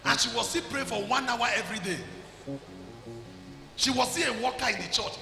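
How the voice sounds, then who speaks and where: High, bright-voiced Nigerian preacher in a hall. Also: male voice, fairly quick, gravelly, faint music behind. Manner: exhorting, calls people forward, shouts at peaks. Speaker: pastor. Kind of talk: sermon.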